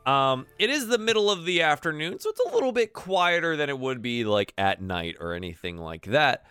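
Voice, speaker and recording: A man narrating a tabletop role-playing game as game master, in a relaxed, chatty manner full of fillers. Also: on the high side, normal speed, clear, resonant tone, no echo, clean studio sound, faint music behind.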